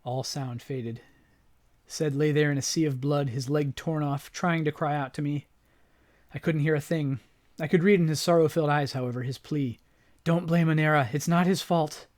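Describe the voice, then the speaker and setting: A man hosting a gaming channel, reading story text from the game aloud in a dramatic, expressive way. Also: on the high side, moderate pace.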